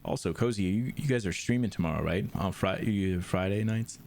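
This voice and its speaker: A man's voice: deep voice, fairly quick, a little mellow. A man streaming a video game, chatting casually and rambling with lots of restarts. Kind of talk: casual chat.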